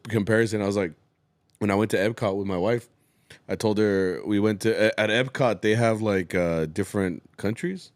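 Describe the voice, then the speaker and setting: A man's voice: lowish voice, darkish tone, no echo. A young man co-hosting a podcast, chatting casually and easily, swearing and slipping into Spanish now and then. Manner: laid-back, swearing, slips into Spanish. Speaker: podcast co-host. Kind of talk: casual chat.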